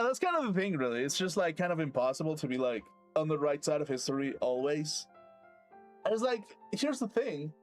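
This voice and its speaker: A man streaming a game and ranting casually, rambling and swearing as he goes. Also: on the high side. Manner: rambling, profane, laughs to himself. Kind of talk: casual rambling rant while gaming.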